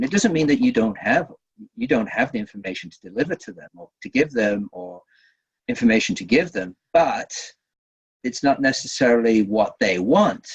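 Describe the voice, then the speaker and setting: A man running a communication-skills webinar, talking in a lively way, repeating himself and checking in with "right?". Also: medium pitch, slight background noise. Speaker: workshop trainer. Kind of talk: webinar teaching. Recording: dull lo-fi webinar audio.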